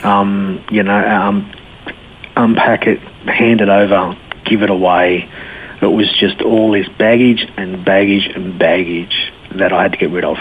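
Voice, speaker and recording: A middle-aged Australian man tells his own story as a guest, candid and colloquial, and he gets lively when he acts out conversations. His voice comes down a tinny, narrow phone line. Faint noise runs underneath. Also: low voice, unhurried. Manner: candid and colloquial, animated when retelling dialogue. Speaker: interview guest. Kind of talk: personal testimony in a radio interview.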